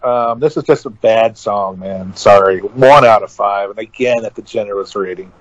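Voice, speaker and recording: A man's voice: on the low side, normal speed, lo-fi sound. A man co-hosting an album review podcast, giving short, dismissive verdicts. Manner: curt, dismissive, dry. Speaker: podcast co-host. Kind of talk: casual album review chat.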